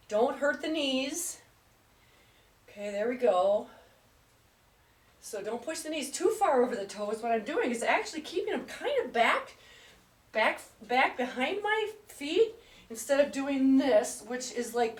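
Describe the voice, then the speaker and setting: A woman fitness trainer leading an exercise class, chatty and upbeat, counting reps aloud and getting out of breath. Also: on the high side. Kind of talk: live exercise class instruction. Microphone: camera at a distance. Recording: echoey room, voice far from mic.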